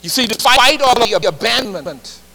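A man preaching a sermon, leading the congregation in call-and-response and shifting between loud and quiet delivery. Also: extremely high pitch, lively intonation, normal speed. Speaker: pastor. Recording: reverberant hall, faint hum.

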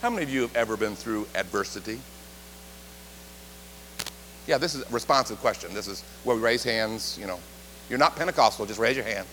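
A man preaching a sermon, leading the congregation in call-and-response and shifting between loud and quiet delivery. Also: lowish voice, expressive, brisk, pauses often. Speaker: pastor. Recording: reverberant hall, faint hum.

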